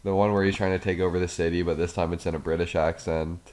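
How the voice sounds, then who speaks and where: A man's voice: low-pitched, level tone, fast, a little mellow. A man co-hosting a podcast, leading the topics in casual chat, with many fillers and some swearing. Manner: leads topics, filler-heavy, casual cursing. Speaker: podcast co-host.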